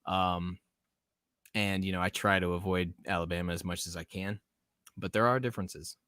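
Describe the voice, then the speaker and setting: A man's voice: deep voice, steady tone, normal speed, a bit bright, no room sound, studio quality. A man from the American South hosting a casual live podcast stream, rambling, laughing often and reading chat comments aloud. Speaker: podcast host.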